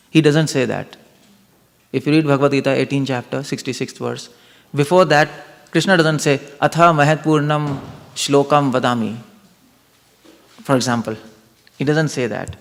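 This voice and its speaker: A man's voice: a little high, gravelly, long reverb tail. A man giving an interactive spiritual lecture, posing questions and reasoning them through with his audience. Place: large temple hall.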